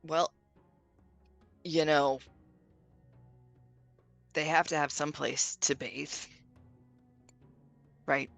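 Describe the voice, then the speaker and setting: Gravelly, bright-toned, teasing woman. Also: sits low, fairly even intonation, very slow, pauses often, soft background music. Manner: teasing, giggly, blunt. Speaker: tabletop game player. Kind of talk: in-character tabletop role-play.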